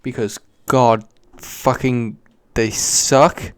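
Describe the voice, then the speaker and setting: A man's voice: mid-range voice, fairly even intonation, drawn-out words, clear, resonant tone. A young British man hosting a solo podcast, rambling casually with lots of swearing and self-mockery. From Britain. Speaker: podcast host.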